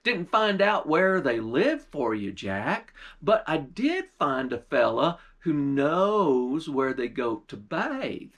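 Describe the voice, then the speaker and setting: A folksy old country man giving warnings, as a man telling a folk tale puts him on, homespun and cautioning. His voice sits fairly high. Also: big pitch swings, takes it slowly, few pauses, fairly bright tone, full character voice.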